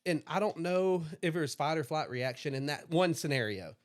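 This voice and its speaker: A young man with a slightly higher voice tells long, rambling stories, swearing freely as he goes. He speaks casually, in the loose style of a chat podcast. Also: expressive, normal speed. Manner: profane, rambling storyteller. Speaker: podcast co-host.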